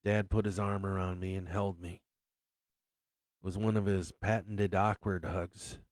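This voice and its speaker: A man, an author, reading his own first-person story in an unhurried, reflective way. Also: sits low, little pitch movement, a little mellow, no room sound.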